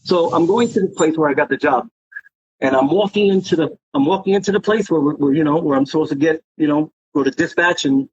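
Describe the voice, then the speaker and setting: A graffiti writer guesting on an interview talks a little fast in a fairly high voice with a breathy edge and no room sound. His stories wander and are full of profanity, told with animation in a casual setting. The recording is dry and dull, lo-fi.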